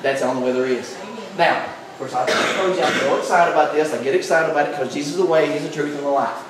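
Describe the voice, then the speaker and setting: A man preaching a sermon as pastor, exuberant and emphatic, often building up to shouts. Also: fairly high pitch, very fast, background noise. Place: large echoey church hall. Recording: very echoey hall, voice from far off.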